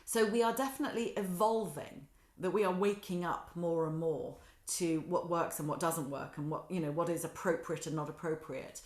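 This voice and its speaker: A woman's voice: lowish voice, moderate pace, darkish tone. A middle-aged woman, a guest talking reflectively and with animation, often acting out quotes and laughing at herself. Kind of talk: reflective conversational chat. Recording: roomy echo.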